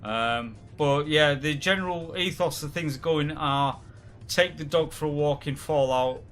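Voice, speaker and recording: A man with a bright, slightly higher voice hosts a game stream in loose, joking chat. He rambles and laughs a lot while faint music plays underneath. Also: unhurried. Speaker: streamer host. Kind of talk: casual chat while gaming.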